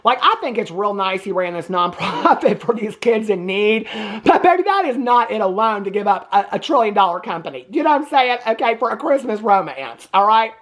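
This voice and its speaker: A woman's voice: medium pitch, sing-song, fairly quick. Southern lady ranting about a movie, sassy and chatty, laughs a lot. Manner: sassy, chatty, keeps saying "okay?" and "baby"; laughs often. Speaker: movie reviewer. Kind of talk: casual movie review rant.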